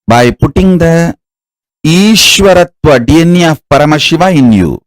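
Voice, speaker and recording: Man, guided meditation, measured commands, slightly high voice. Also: expressive, rough recording. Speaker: spiritual teacher.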